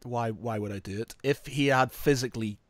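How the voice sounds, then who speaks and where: A man in a casual podcast chat, easygoing and laughing a lot. His pitch is middling for a man. He is recorded close and dry, with no room around him. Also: brisk, no room sound. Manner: laid-back, laughing, says "mate". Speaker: podcast co-host.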